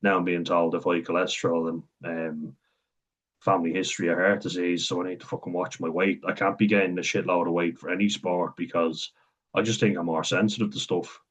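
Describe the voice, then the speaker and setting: Low-voiced Irish man, frank vlog. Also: little pitch movement, fairly quick, a bit bright. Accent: Irish, Wexford. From Ireland. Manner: rambling, frank, swears freely, laughs between thoughts. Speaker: vlogger. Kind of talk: candid personal monologue. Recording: dull lo-fi sound.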